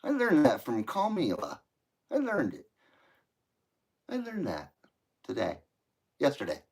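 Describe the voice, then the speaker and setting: A man's voice: mid-range voice, huge pitch swings, measured pace, gravelly, a little mellow, breathy edge. A man from California hosting a live stream, reading viewer comments in a casual, joking, profane and rambling way. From Ventura County, California. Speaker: livestream host.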